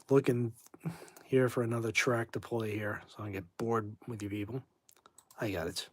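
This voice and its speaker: This man's voice is lowish and steady at a normal speed, set against soft background music. In his forties and from Massachusetts, he's tired and short on sleep, hosting a relaxed livestream where he answers chat with blunt, rambling remarks.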